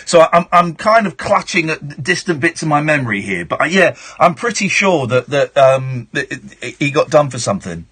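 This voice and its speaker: A male radio phone-in host from England, chatting casually with a caller; he stammers, restarts and sometimes bursts into loud mock outrage. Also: fairly high pitch, big pitch swings, a little fast, hardly any pauses, breathy edge. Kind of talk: late-night phone-in chat.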